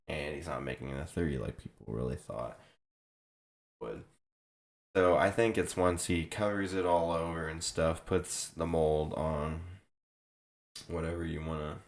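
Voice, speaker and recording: A young man with a very low, gravelly voice that is going hoarse as he loses it. He talks in a loose, offhand way, breaks off mid-word and starts his sentences over, like someone casually reacting to a list of prospects. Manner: rambling, restarts often, loose and offhand. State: losing his voice. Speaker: sports video host. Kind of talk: casual draft reaction commentary.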